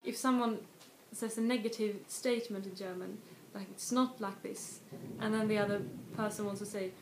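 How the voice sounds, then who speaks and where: A woman teaches in a relaxed video lesson, pausing and restarting as she walks through examples. Her voice sits at an ordinary middle pitch. The room around her sounds echoey, with a faint hiss underneath. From Sweden. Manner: explains slowly with many restarts and spoken example words. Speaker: language tutor.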